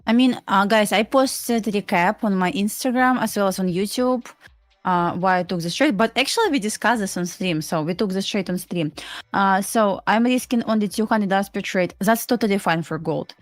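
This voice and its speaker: A woman's voice: mid-range voice, normal speed, no echo, faint music behind. A woman from Belarus with a Russian accent, a trader co-hosting a live stream in casual chat, who often stops and restarts her sentences. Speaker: trader co-host.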